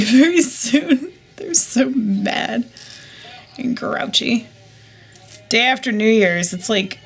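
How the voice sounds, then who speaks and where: Gravelly-voiced woman chatting while unboxing. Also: mid-range voice, a bit bright. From United States. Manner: chatty, rambling, muttered asides to herself. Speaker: jewelry reseller vlogger. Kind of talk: casual chat while unboxing.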